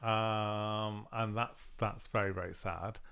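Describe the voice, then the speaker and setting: A man with a lowish voice hosts a podcast in loose, casual chat. He rambles and keeps circling back with fillers. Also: fairly even intonation, takes it slowly, vocal fry, fairly bright tone, clear, resonant tone. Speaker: podcast host.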